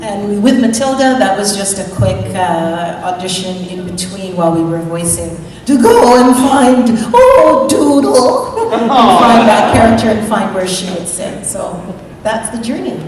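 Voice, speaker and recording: A woman voice actor telling a lively, chatty story on a convention panel, laughing often. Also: mid-range voice, moderate pace. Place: large convention hall with audience. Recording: echoey hall from far off with crowd.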